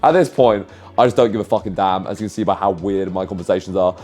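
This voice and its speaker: A young man reading out and commenting on his dating app chats in a sarcastic, deadpan way, swearing casually. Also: low-pitched, fast.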